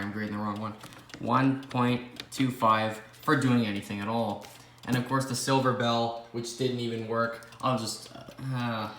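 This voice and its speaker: A man's voice: lowish voice, fairly bright tone. A young man rambles through a casual vlog, mumbling asides and poking fun at himself. His voice bounces around an echoey room with a faint hiss of noise underneath. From Canada. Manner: rambling, self-deprecating, talks to himself. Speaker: clock collector host. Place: indoor room with ticking clocks. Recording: roomy echo, faint background noise.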